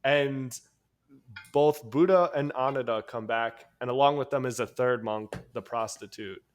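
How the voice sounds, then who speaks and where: A man's voice: medium pitch, a little slow. Talkative New York man telling stories. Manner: rambling storyteller, swears casually, laughs often. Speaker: podcast co-host. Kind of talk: casual chat.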